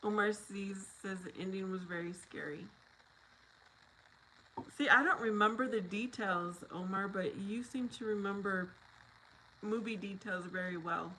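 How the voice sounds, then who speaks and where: A woman hosts a relaxed livestream from her phone, chatting with viewers and reading their comments out loud. Her voice is bright and a little sharp, sitting at an ordinary middle pitch. She laughs easily and greets people by name. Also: a little slow, slight background noise, low-quality recording. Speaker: livestream host. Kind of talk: casual live chat, reading viewer comments.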